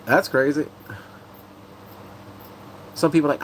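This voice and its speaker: A man's voice: mid-range voice, moderate pace, slight background noise, rough recording. A man chatting casually on a live stream, muttering asides to himself as he reads entertainment and gaming news aloud.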